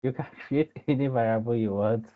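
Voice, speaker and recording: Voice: mid-range voice, fairly quick, narrow, tinny audio. A coding instructor from Ghana, teaching in a live-streamed lesson. The instructor is chatty, laughs often and reads out the viewers' chat.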